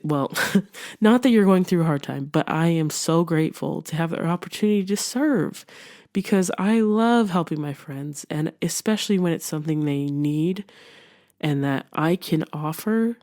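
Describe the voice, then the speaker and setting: A woman's voice: low voice, moderate pace, a little mellow. A young woman hosting a podcast, giving an earnest, encouraging self-help talk in a conversational way. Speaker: podcast host.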